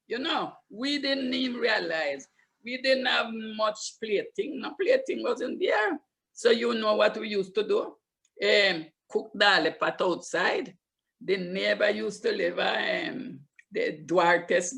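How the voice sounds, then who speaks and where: With a gravelly, medium-pitched voice, this older Limón Creole English speaker from Limón, Costa Rica, tells stories of her childhood. She is lively in the telling and leans on repeated words to drive her points home.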